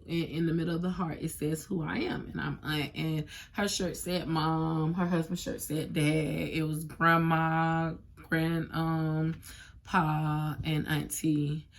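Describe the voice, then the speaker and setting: A woman's voice: low-pitched, little pitch movement, a little slow. A woman in her thirties, recorded on her phone at home, telling an emotional family story in a casual, rambling way with many fillers. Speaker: vlogger. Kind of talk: personal story time.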